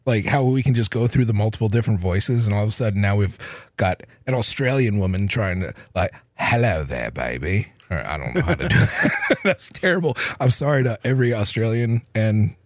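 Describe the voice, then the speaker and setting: A man's voice: lowish voice, a little fast, no room sound, clean studio sound. A man co-hosting a podcast, riffing playfully in casual chat. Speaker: podcast co-host.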